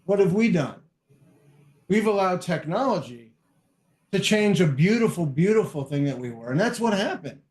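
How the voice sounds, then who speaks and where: A man telling profane, animated stories as a guest in a casual podcast chat. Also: high-pitched, normal speed. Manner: animated, profane, acts out quotes. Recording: echoey room.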